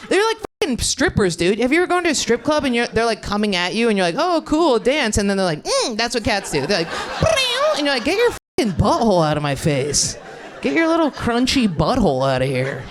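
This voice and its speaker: A woman's voice: medium pitch, slight background noise. A young woman doing an improvised stand-up set, brash and rambling, laughing through her punchlines. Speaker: stand-up comedian.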